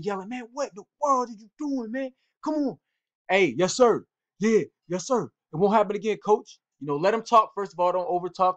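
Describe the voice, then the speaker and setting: A man's voice: on the high side, fairly bright tone, lo-fi sound. A football coach giving casual instruction to young players, talking directly to them and repeating his points the way a coach urges a team. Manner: direct, repetitive, coach-like urging. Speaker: football coach and cornerback trainer.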